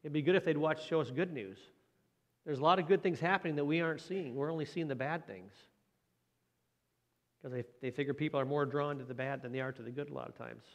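A man with a slightly high voice talks fast over dull audio, preaching a conversational sermon as a pastor. His style is folksy: he asks the listeners questions and adds light joking asides.

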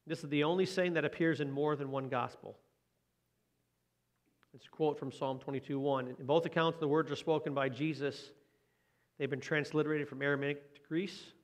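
A man's voice: a little high, steady tone, moderate pace. A man preaching a sermon in a conversational way, often asking his listeners questions. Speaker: pastor.

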